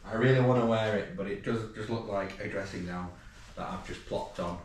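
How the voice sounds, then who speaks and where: A man's voice: lowish voice, fairly quick, slight background noise. A British man casually vlogging his day, chatty and self-mocking, with playful sing-song asides. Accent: British English. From Britain. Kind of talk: casual vlog chat.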